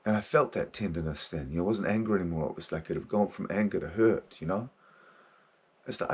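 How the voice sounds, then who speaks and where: A man's voice: low voice, quick pace, darkish tone, husky. A man in his thirties, a podcast host and therapist, talking candidly in a casual monologue, swearing often and laughing as he goes.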